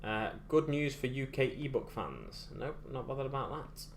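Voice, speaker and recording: A man's voice: mid-range voice, very animated, normal speed, slight background noise. Rambling British man on a live stream. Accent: British English. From United Kingdom. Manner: rambling, thinks aloud with many restarts. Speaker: miniature painting streamer. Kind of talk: casual live-stream chat.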